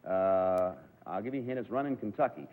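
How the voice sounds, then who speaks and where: A man hosting a live radio quiz show, firing off questions and cracking jokes at the contestants. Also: fairly low pitch. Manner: joking, quick wisecracks. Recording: tinny, hissy 1950s broadcast recording.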